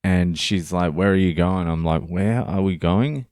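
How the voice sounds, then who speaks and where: A man's voice: low voice, a little slow, a little mellow, dry recording, studio quality. An Australian man hosting a podcast, telling a story in a blunt, sweary, joking way. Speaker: podcast host. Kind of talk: casual storytelling monologue.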